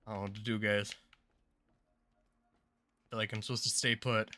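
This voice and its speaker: A man's voice: lowish voice, level tone, moderate pace, pauses often, bright, forceful tone. A man hosting a casual gameplay livestream, chatting playfully and with hype to his viewers. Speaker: streamer and channel host.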